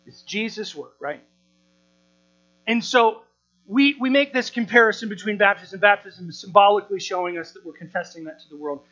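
Animated preaching man, lo-fi hum. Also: sits high, normal speed. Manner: animated, repeats words, rhetorical questions. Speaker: pastor. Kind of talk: sermon. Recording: dull lo-fi sound with mains hum.

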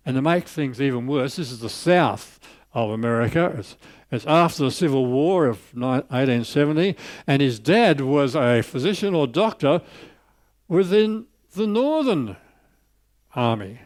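A man preaching a sermon, telling a story and lifting his voice on scripture before dropping soft on key lines. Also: mid-range voice, animated, measured pace, dry recording.

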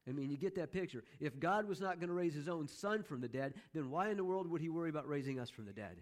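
A middle-aged man preaching a sermon, emphatic, repeating key phrases and slowing down to stress them. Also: a little high, expressive. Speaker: pastor.

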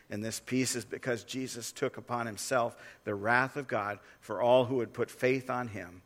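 With a mid-range voice, a pastor preaches and reads scripture aloud, keeping a measured tone that grows into forceful warnings.

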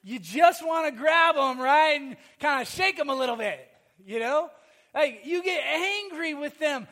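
A man's voice: very high-pitched, lively intonation, measured pace, sharp tone. A middle-aged male pastor preaching a sermon, emphatic, repeating his phrases and calling the congregation to say amen.

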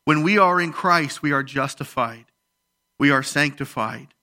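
A male pastor preaching a sermon, rising in emphasis on scripture readings and dropping quiet for personal stories. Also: on the high side, measured pace.

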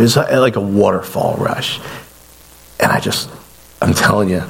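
A middle-aged man preaching, telling a personal story with lively acted-out quotes and self-deprecating asides. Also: lowish voice, a little slow, gravelly, pauses often, slight background noise. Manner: animated storyteller, acts out quoted voices. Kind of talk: storytelling sermon.

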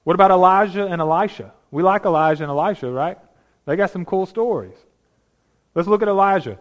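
A man's voice: high voice, brisk. Man preaching with emphatic questions. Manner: conversational, emphatic rhetorical questions. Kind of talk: sermon with scripture reading.

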